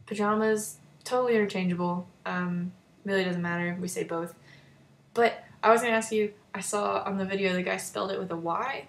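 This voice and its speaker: A woman's voice: medium pitch, steady tone, a little fast, gravelly. A young woman with a North Texas accent chatting casually in a vlog, with many fillers and small laughs. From North Texas, USA. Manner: chatty, giggly, lots of fillers and likes. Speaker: vlogger. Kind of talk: casual chat.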